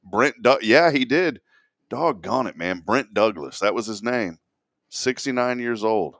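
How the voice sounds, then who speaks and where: A middle-aged man co-hosting a morning show, telling stories in a lively way and laughing often. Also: lowish voice, unhurried, dry recording, clean studio sound. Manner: animated storyteller, laughs often. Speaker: radio show co-host. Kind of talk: casual chat.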